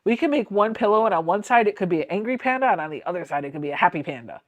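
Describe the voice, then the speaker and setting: A woman's voice: mid-range voice, lively intonation, racing, no echo, lo-fi sound. A woman hosting a quilting livestream, chatting casually as she reads viewer comments aloud and answers them, laughing often. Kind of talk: casual livestream chat while sewing.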